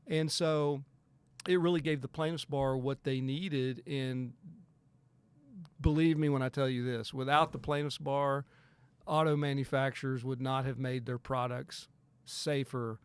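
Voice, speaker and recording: A man's voice: medium pitch, fairly even intonation, unhurried, clear, resonant tone, no echo. A man, a personal injury attorney talking as a guest on a talk show, earnest and emphatic, with many restarts. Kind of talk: casual talk show conversation.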